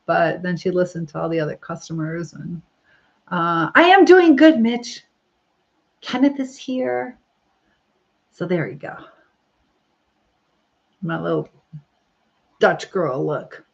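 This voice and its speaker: A woman's voice: fairly low pitch, very animated, takes it slowly, vocal fry, pauses often. A middle-aged woman hosting a casual live stream, chatting and laughing as she reads viewer comments while styling her hair. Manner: chatty, rambling, frequent laughs. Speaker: livestream host reading viewer comments. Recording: slightly dull lo-fi sound.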